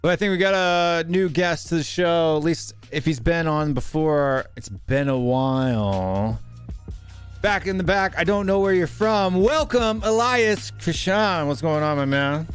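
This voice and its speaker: A man's voice: fairly high pitch, expressive, unhurried, clean tone, faint music behind. A man with a Southern US accent mixing Texas and East Tennessee, hosting a casual fan podcast with a joking, teasing manner. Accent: Southern US, Texas and East Tennessee mix. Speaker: podcast host.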